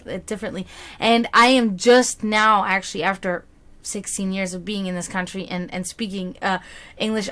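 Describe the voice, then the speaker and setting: On a live stream, a psychic reader with a German accent, German her first language, gives a rambling tarot reading. Her voice is mid-range and fairly bright, and her talk is warm and affectionate, packed with fillers and pet names.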